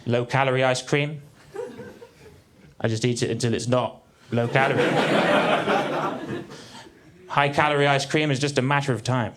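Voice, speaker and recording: A man in his thirties doing a stand-up comedy set on a theatre stage, with a dry, deadpan delivery. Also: mid-range voice, very noisy. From England. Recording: live theatre with crowd laughter. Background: audience laughter.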